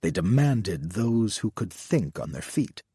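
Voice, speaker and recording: A man reads a novel aloud in measured, tense narration. His voice is husky and lowish, swinging widely in pitch. The recording is dry and close. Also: big pitch swings, mellow, no room sound. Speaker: audiobook narrator. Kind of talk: scripted audiobook narration.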